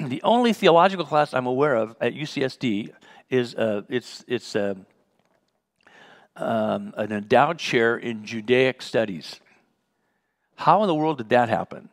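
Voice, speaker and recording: A man's voice: mid-range voice, lively intonation, measured pace. A man leading a Bible study in a conversational teaching style, telling personal stories and acting out the dialogue with a chuckle. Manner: storytelling, acts out remembered dialogue, chuckles.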